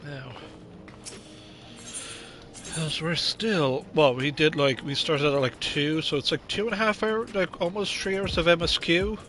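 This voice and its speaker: A man's voice: on the high side, steady tone, a little slow, music in the background. A man streaming a game, talking casually in a rambling, chatty way with lots of filler words. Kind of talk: casual gameplay commentary.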